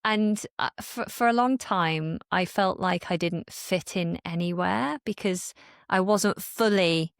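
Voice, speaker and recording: A woman from Manchester talks as a podcast guest. She has a light Northern English accent and speaks clearly and earnestly. Her voice is slightly low for a woman, and the sound is dry and close. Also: slow, no echo. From Manchester, England. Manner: articulate, earnest, clear speech. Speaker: guest, English teacher creator. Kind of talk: casual interview chat.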